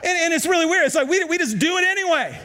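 A man's voice: very high-pitched, expressive, quick pace, sharp tone. A middle-aged male pastor preaching a sermon, telling stories with animation and often turning to speak to the congregation.

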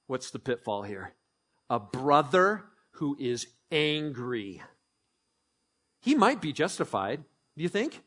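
A man's voice: mid-range voice, very animated, slow pace, long pauses, a bit bright. A man preaching a sermon in a conversational way, asking his listeners questions and acting out the scripture he reads. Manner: conversational, asks the audience questions, acts out scripture. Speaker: pastor.

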